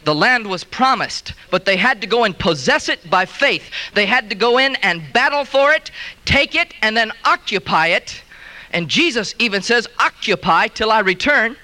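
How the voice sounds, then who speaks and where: A male preacher tells stories and builds to emphatic points in a sermon. His voice sits high and rings bright and forceful.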